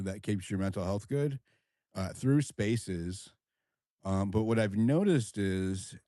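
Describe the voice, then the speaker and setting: A man hosting a casual audio chat room, talking haltingly with many restarts. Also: low voice, warm tone, no echo, studio quality.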